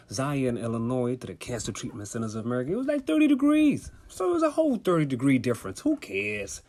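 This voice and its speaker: Animated storyteller man from D.C. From Washington, D.C. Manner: animated, acts out voices with high squeals. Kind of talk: casual comic storytelling.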